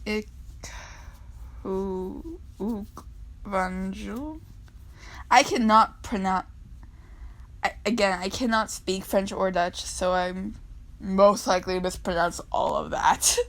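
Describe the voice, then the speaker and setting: A woman casually reading comics aloud, animated and given to dramatic, mock-outraged outbursts. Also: medium pitch, unhurried, poor audio. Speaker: comic dub reader.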